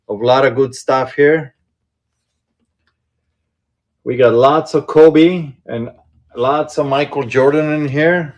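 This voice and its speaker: A man hosting a casual live-stream sale from inside a shop, chatting and thinking aloud in an unhurried way. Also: mid-range voice. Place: indoors in a card shop.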